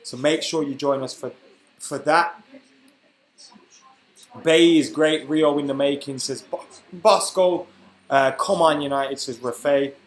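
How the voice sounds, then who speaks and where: A man's voice: fairly high pitch, slow pace, long pauses, echoey room, rough recording. A young man hosting a football live stream, chatting casually and reading out viewer comments while he has the hiccups. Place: room at home.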